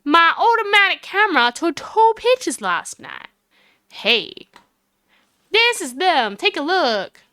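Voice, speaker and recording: A woman's voice: extremely high pitch, sing-song, takes it slowly, bright, forceful tone, dry recording, studio quality, pitched above the performer's own voice, full character voice. A woman voicing a brash, folksy woman photographer with a Southern accent, reading game dialogue aloud. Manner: drawling, homespun sayings.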